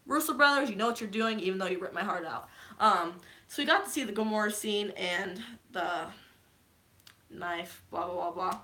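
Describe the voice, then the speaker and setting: Bright-voiced woman rambling through a movie recap. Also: mid-range voice, normal speed. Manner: rambling, filler-heavy, gushing. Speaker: vlogger. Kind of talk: casual movie recap chat.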